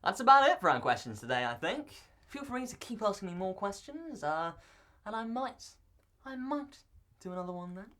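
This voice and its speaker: A man's voice: high voice, very animated, moderate pace, bright, forceful tone, full character voice. A young man playing a vlogger who answers viewer questions in a scripted, in-character video. He talks in a playful, joking way and rambles into asides.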